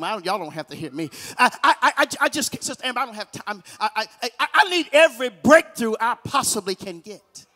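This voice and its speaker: A man preaching a guest sermon in a church, calling on the congregation to repeat after him and swinging between hushed lines and shouted, half-sung ones. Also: extremely high pitch, in a large hall. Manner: call-and-response preaching, shouting and half-singing. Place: church sanctuary.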